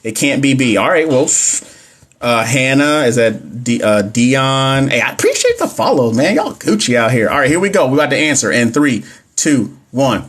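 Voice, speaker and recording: A man's voice: mid-range voice, very animated, moderate pace, fairly bright tone, husky. Man, young adult, livestream tutor, casual, reads questions aloud, answers viewers. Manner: chatty, reads questions aloud, talks back to viewer comments. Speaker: nursing exam tutor. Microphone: phone or webcam mic.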